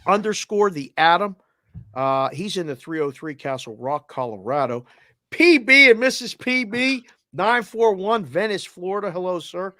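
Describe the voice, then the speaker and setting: This man speaks in a Boston accent with a fairly high voice. He hosts a casual sports talk show and fires off energetic listener shout-outs. The sound is dry and close. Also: normal speed, dry recording. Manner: energetic, shout-outs with area codes and towns. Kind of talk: roll call of listeners, casual.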